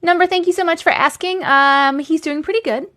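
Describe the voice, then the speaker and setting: A woman's voice: extremely high pitch, brisk, fairly bright tone. A woman from Long Island hosting a casual TikTok live chat, greeting viewers by name and catching up with them. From Long Island, New York. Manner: chatty, greets viewers by name with rising lilt.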